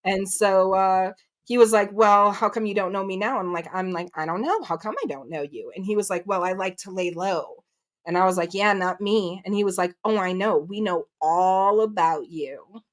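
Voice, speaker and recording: A woman's voice: mid-range voice, moderate pace. A woman, likely in her thirties, telling a story in casual chat, acting out quotes and swearing freely. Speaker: guest.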